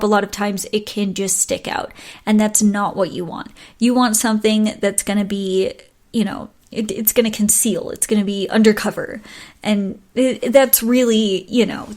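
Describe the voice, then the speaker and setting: A woman's voice: medium pitch, a little mellow. Woman doing a solo podcast, chatty, restarts a lot, laughs at her own flubs. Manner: chatty, self-interrupting, laughs at own slips. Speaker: podcast host. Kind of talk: casual solo podcast talk.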